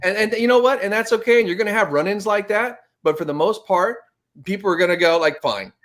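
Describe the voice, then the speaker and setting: A man's voice: high-pitched, fast, a bit bright. A man in heated casual conversation, preachy and profane, often stumbling over repeated words as he pushes his point.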